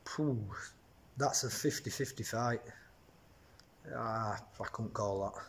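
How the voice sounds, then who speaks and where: A man's voice: fairly low pitch, slow pace. A man, a boxer talking bluntly in a casual interview, repeating words and tagging his points with questions.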